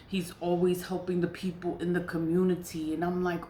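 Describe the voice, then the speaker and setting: A woman rambles through a casual vlog story, circling back on her words and breaking into laughter. Her voice sits a bit low. The room around her is echoey with a faint hum. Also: level tone, fairly quick, hardly any pauses, mellow. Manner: rambling, repetitive, laughs often. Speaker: vlogger. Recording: roomy echo.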